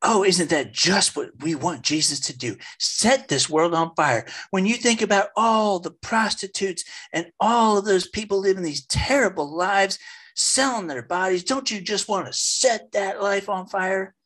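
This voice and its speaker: A woman's voice: medium pitch, measured pace, fairly bright tone, breathy edge, pitched above the performer's own voice. A man voicing a fiery Southern nun preaching, with a drawling, emphatic Southern accent.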